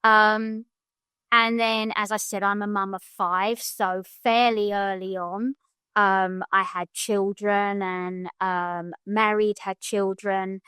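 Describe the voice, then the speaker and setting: Middle-aged Englishwoman, smooth clear voice. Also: mid-range voice, flat delivery, slow, bright, forceful tone, no room sound. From England. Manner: thoughtful, with many hesitations. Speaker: guest, wealth mentor. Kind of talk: podcast interview.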